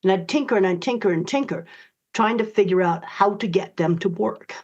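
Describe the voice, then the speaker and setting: A woman's voice: medium pitch, brisk, a little mellow. An older woman answering interview questions in a blunt, emphatic, direct way. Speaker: guest author. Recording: dull lo-fi audio.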